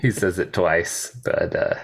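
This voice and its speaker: A man's voice: low-pitched, steady tone, a little slow. A man co-hosting a podcast, casually chatting about a movie, quoting lines and laughing often. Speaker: podcast co-host.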